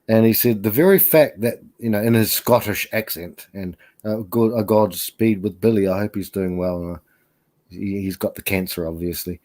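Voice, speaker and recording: A man's voice: lowish voice, steady tone, normal speed, a little mellow. A man talking as a guest on a casual live stream, rambling and hesitant with lots of fillers.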